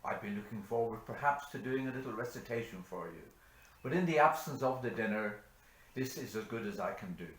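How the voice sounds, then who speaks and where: A man from rural Ireland, reciting a bush poem in a measured, theatrical storytelling voice. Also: fairly low pitch, lively intonation. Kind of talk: poetry recitation. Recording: echoey room.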